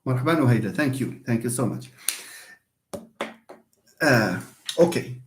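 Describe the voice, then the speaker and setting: A man's voice: mid-range voice, moderate pace, a little hiss or hum. A man with a Moroccan accent teaching an English class, repeating key points and calling on students by name. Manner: animated, calls on students by name. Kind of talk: online classroom lesson.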